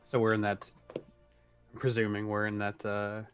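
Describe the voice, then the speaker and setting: A man's voice: on the low side, completely flat delivery, a little slow, lo-fi sound, faint music behind. A man playing a tabletop game, hesitant and thinking aloud with many fillers. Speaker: player. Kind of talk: tabletop role-play chat.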